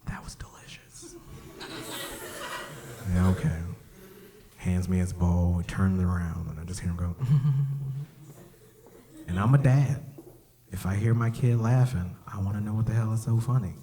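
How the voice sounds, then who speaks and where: A man telling stories in a stand-up comedy set at a club, acting out voices and breaking into shouts. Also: low voice, fairly quick. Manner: animated storytelling, acts out voices, bursts into shouts. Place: comedy club stage, live audience.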